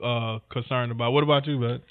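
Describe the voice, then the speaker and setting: A man co-hosting a podcast with his wife, talking in a relaxed, rambling way straight to the listeners. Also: mid-range voice, fairly quick, clear, resonant tone. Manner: laid-back, rambling, talks straight to listeners. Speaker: podcast co-host. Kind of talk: casual conversation. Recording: phone-like narrow sound.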